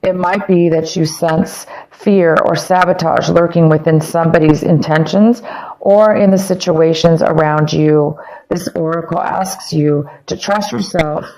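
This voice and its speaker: A woman with a slightly low voice talks through a tarot reading, circling back over her phrases with plenty of ums. She is losing her voice as she goes. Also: a little mellow, low-quality recording. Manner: rambling, repeats phrases, many ums. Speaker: tarot reader. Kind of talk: casual tarot reading to camera.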